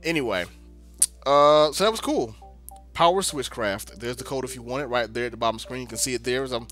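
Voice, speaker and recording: A man's voice: mid-range voice, animated, brisk, a bit bright. A young man giving casual commentary while playing a video game, talking to himself in exasperated mutters. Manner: talkative, exasperated muttering, playful drawl. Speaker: let's play gamer. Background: game music.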